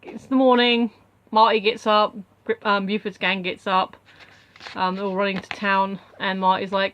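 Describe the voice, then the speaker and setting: A woman's voice: medium pitch, little pitch movement, normal speed, a bit bright. A young woman casually recapping a film as a reviewer, rambling with many asides.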